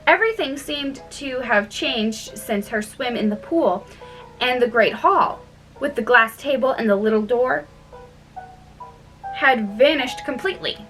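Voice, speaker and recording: A woman slowly reading a children's classic aloud as narrator, recorded from a distance with faint music behind. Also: a little high, fairly bright tone. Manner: slow, deliberate reading. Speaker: audiobook reader. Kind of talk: storybook narration.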